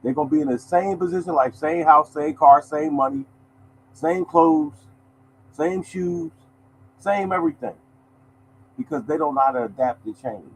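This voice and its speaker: A man's voice: fairly high pitch, moderate pace, slight background noise, poor audio. Emphatic, repetitive man talking to y'all. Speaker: lottery podcast host. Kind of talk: casual motivational monologue.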